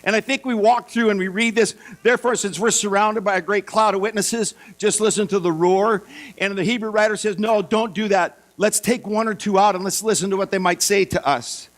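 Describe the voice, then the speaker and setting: A man preaching a sermon, telling Bible stories in a lively way and acting out the voices of the figures. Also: high-pitched, a little fast. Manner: lively storytelling, acts out voices for biblical figures. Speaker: pastor.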